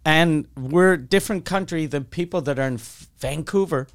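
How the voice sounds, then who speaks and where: A man from Quebec, a comedian telling stories in casual chat, animated and profane. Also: a little high, moderate pace.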